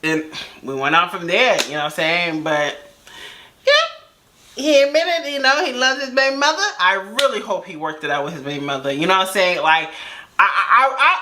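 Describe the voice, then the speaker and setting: A woman's voice: fairly low pitch, sharp tone. A woman vlogger telling a personal story in casual, slangy chat, full of asides and rhetorical questions.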